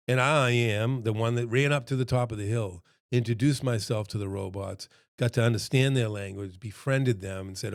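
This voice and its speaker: A man's voice: medium pitch, fairly even intonation, normal speed, hardly any pauses, dry recording, clean studio sound. A middle-aged man who runs a restaurant consultancy gives a casual talk to camera from home, chatty and earnest, with lots of fillers and quoted voices. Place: home room with a dog nearby.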